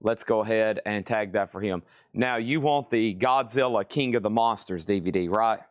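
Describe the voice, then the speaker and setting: A man's voice: lowish voice, smooth, dry recording, studio quality. Man rattling off items and prices. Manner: brisk item-and-price listing, chatty asides. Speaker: live sale host. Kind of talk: live-stream sales patter. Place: record shop.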